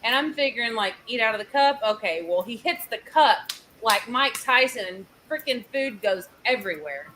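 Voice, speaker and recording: Bright, high woman host, animated storyteller on a video call, faint background noise. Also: moderate pace, low-quality recording. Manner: animated, laughing, loud storyteller. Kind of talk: casual storytelling chat.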